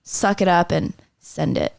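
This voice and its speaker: A woman's voice: on the low side, expressive, measured pace, gravelly, no room sound, studio quality. A woman chatting as a podcast guest. She is a chatty storyteller who slips into voices when she quotes people. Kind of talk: casual chat.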